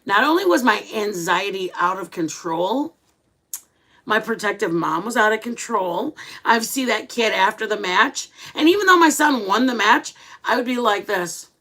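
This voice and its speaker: A woman's voice: mid-range voice, moderate pace. A middle-aged woman hosting a livestream, chatting casually with viewers and telling stories dramatically. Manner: animated, chatty, dramatic storytelling. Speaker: livestream host.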